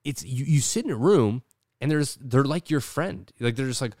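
Speaking at a normal speed with lively intonation, this male podcast host has a medium-pitched, slightly mellow voice. He rambles through casual chat in his studio, filling it with "like" and frequently performing quoted voices. The studio-quality recording has no room sound.

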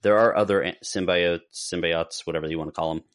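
Deep-voiced man in casual podcast chat. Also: very fast. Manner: rambling, self-correcting, lists names. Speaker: podcast co-host.

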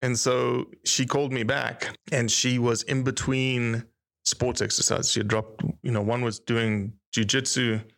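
A man's voice: mid-range voice, level tone, unhurried, creaky, a bit bright. A man chatting on a podcast, rambling through a story and retelling conversations with quoted dialogue. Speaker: podcast co-guest. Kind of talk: casual interview chat.

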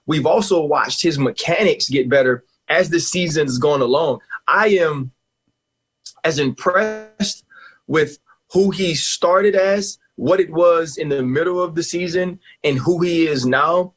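Brief: husky man in his forties, sports radio guest, emphatic and lively, slightly high voice. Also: unhurried. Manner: animated, emphatic, laughs often. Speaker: guest analyst, former player.

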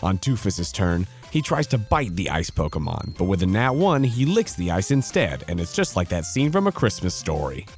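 A man giving scripted narration of a tabletop role-playing battle, lively and reading out dice rolls. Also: low voice, normal speed, few pauses, faint music behind.

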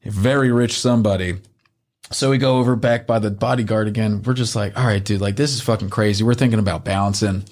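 A man telling a story on a casual podcast, animated and swearing often, with a jump into a high voice when he acts out what was said. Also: fast talker.

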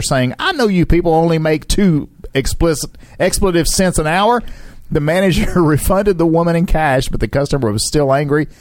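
A man's voice: mid-range voice, dry recording, clean studio sound. A man co-hosting a radio show, reading odd news headlines with jokes and laughter in between. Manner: animated, laughs often, reads headlines with playful asides. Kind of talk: joking radio banter.

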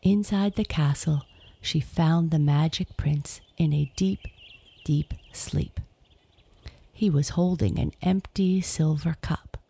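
A woman gently narrating a fairy tale as a storybook reader. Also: deep voice, takes it slowly, slightly rough.

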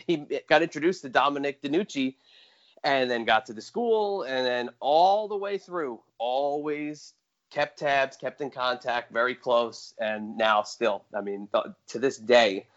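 A man's voice: medium pitch, unhurried. A man on a casual podcast giving long, rambling explanations. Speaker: podcast guest. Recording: dull lo-fi sound.

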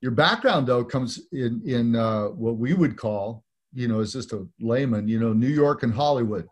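A man hosting an interview, asking questions in a halting, enthusiastic way with many restarts. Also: medium pitch. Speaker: host.

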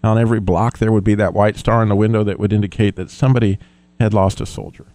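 Earnest man co-host, low mellow voice, dry sound, reflective. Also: fairly even intonation, fast talker, no echo. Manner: earnest, reflective, hesitant restarts. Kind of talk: faith discussion.

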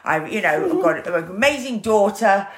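A woman's voice: medium pitch, moderate pace. A woman, a guest telling her story candidly and acting out the voices she quotes. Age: 50s. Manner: animated, acts out quoted voices.

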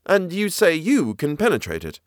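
A man voicing a curious, wary gentleman companion who asks plain questions. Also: on the high side, huge pitch swings, normal speed, no echo, clean studio sound, voice pushed up.

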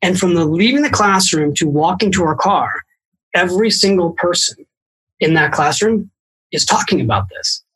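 A middle-aged man, a financial author and podcast guest, tells anecdotes in a lively way with quick asides. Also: high voice, breathy edge, rough recording. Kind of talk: storytelling in a podcast conversation.

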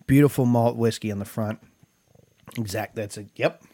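Podcast co-host, man, lowish voice, dry close sound, relaxed and savoring during a tasting. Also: moderate pace, no room sound. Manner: relaxed, savoring, trailing off mid-thought. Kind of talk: casual tasting chat.

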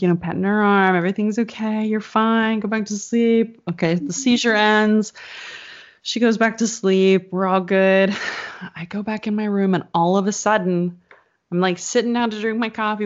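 A woman telling a story in a casual chat, rambling and full of "like" fillers. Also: lowish voice. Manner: rambling, filler-heavy, animated retelling. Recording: slightly dull lo-fi sound.

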